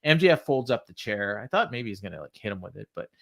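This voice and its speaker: A man's voice: lowish voice, very animated, fast talker, gravelly, fairly bright tone. A man co-hosting a podcast, giving a casual, chatty recap and laughing often as he goes. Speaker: podcast co-host.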